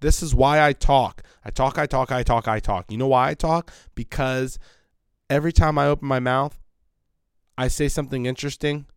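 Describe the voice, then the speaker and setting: Man, podcast host, casual rant, profane and blunt, smooth clear voice, dry close sound. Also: mid-range voice, normal speed, no echo. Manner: rambling, blunt, profane, animated. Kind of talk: casual monologue. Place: home basement.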